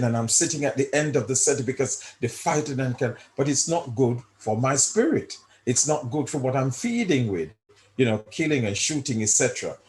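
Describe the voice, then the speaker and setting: A man's voice: medium pitch, a little mellow, a little hiss or hum. A middle-aged man sharing in a class discussion, candid and laughing at himself, calling the leader sir. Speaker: class participant. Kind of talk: confessional sharing.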